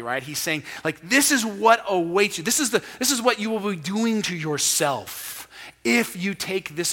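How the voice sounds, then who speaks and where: A man's voice: high-pitched, sharp tone. A male pastor preaching a sermon in a conversational way, acting out the lines he quotes. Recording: long reverb of a large hall.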